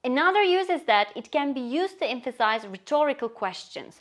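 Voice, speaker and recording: A woman teaching a language lesson in a scripted, expressive way, acting out short example phrases. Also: high voice, brisk. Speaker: Turkish teacher.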